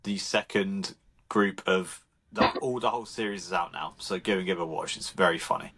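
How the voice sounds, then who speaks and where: Here is a man with a fairly low voice co-hosting a film podcast. He speaks in brief, matter-of-fact asides as he chats casually. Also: fairly quick, a bit bright, slight background noise. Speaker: podcast co-host. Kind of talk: casual chat.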